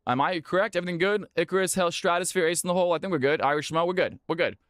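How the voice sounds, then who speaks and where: A man hosting viewer games on a live stream, talking excitedly and chatting with his audience. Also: sits high, racing, no room sound, studio quality.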